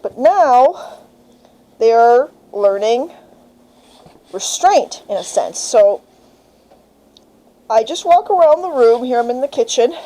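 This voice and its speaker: A young woman explains her routine in a relaxed, unhurried way, her voice mellow and a little higher than most. She records on a handheld camera at home, and her phrasing is plain and patient. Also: low-quality recording. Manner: calm explaining, high sing-song praise to puppy. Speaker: dog breeder. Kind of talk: casual instructional vlog. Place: home kitchen, indoors. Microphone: handheld camera mic.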